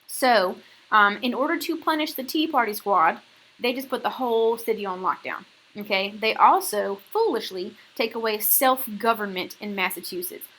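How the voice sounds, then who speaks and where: A woman's voice: medium pitch, normal speed, a bit bright, poor audio. A woman teaching a history lesson in a casual, slangy way, often checking in with "okay?". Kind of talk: recorded classroom lecture.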